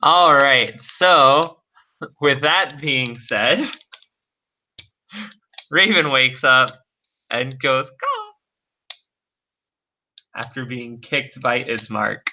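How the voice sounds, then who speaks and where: A man running a tabletop game as game master, narrating haltingly with many pauses. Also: medium pitch, pushed and bright, slight background noise, poor audio. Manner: halting, with many ums and uhs.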